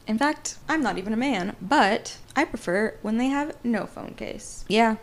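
A woman's voice: a little high, animated, a little slow. A woman in her twenties hosting a podcast, talking in a blunt, profane, rambling monologue. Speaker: podcast host.

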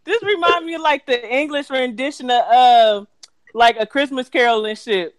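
A woman co-hosting a podcast, joking and swearing in an unhurried casual chat. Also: high-pitched, no room sound. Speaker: podcast co-host.

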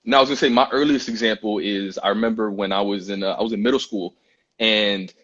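A man's voice: fairly low pitch, fast. A young man, chatting casually as a guest and telling stories full of slang and fillers. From Brooklyn, New York. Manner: animated storytelling with slang and many fillers. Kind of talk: casual chat. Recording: muffled Instagram live audio.

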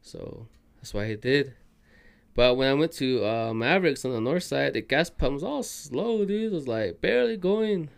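A man's voice: mid-range voice, animated, moderate pace, creaky, clear, resonant tone. Male podcast guest, casual, profane storyteller. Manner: profane, peppered with "dude".

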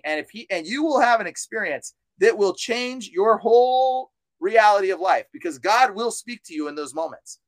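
A man with a high voice preaches with fervent, insistent energy, circling back over the same points. He slips into casual slang like "dude" and "bro". The sound is close and dry, with no room echo. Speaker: exorcist guest on a podcast. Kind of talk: preachy podcast talk.

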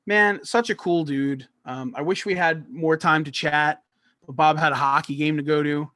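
Brief: male podcast host, casual and jokey, bright tone, dry close mic. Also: fairly high pitch, fairly even intonation, moderate pace, no room sound. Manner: laid-back, jokey, many fillers like "like".

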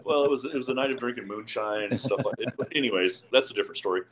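A man's voice: mid-range voice, very fast, background noise. A man, a podcast co-host, telling a crude golf story to friends, laughing and swearing as he goes. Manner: crude, laughing, animated anecdote with heavy swearing. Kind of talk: casual storytelling among friends.

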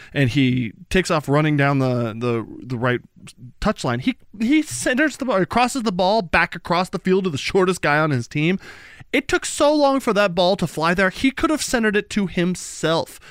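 Animated man chatting sports. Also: on the high side, moderate pace, no room sound, studio quality. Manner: animated, laughing storyteller. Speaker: podcast co-host. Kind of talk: casual sports chat.

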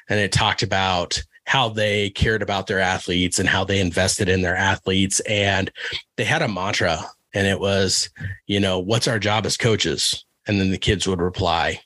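A low-voiced man from Kansas, a wrestling coach, talks earnestly in a relaxed interview. He often restarts his sentences and leans on fillers. The recording is dry and close, with no room sound. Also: moderate pace, dry recording. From Kansas, USA. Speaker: wrestling coach and podcast guest. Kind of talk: casual interview chat.

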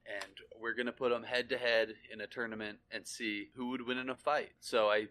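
Brief: male co-host, mid-pitched, playful and joking, casual banter. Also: little pitch movement, fairly quick, bright, forceful tone, slight background noise. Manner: joking, puts on silly voices. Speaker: podcast co-host. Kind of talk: casual chat.

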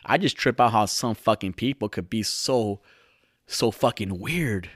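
A man rambles through a personal story in an easy, unpolished way, cursing often and sliding up into excited high bursts before dropping back to a low murmur. His voice sits at an ordinary pitch and sounds dry and close, with almost no room around it. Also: unhurried, husky, no echo. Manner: animated, swearing, rises high when retelling. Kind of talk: casual storytelling monologue.

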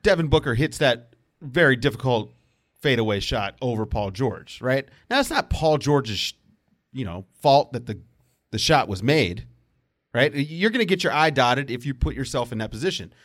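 A man on a podcast giving blunt, opinionated basketball takes in a lively way. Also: mid-range voice, moderate pace. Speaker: podcast co-host. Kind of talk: casual sports chat.

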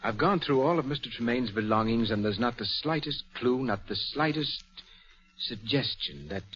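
An actor playing a grave, deferential manservant who speaks slowly and formally, in 1940s radio acting. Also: male voice, medium pitch, lively intonation, fairly bright tone, slightly rough. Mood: solemn. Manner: slow, solemn, formal. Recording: dull old radio broadcast.

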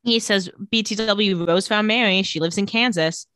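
Woman, podcast co-host, casual recap, animated retelling, dry close recording. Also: medium pitch, no room sound. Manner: lively storytelling, acting out lines in quick voices. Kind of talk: casual chat.

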